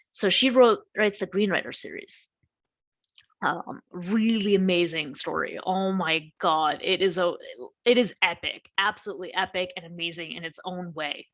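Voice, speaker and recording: A woman's voice: lowish voice, fairly bright tone. A young adult woman chatting casually about her favorite authors, rambling with lots of fillers and restarts. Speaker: book vlogger and aspiring writer. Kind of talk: casual chat to camera.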